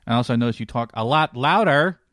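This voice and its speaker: A man's voice: mid-range voice, lively intonation, quick pace, fairly bright tone, no echo, studio quality. A man hosting a paranormal podcast in casual, blunt chat, who swears freely and keeps asking his co-host questions.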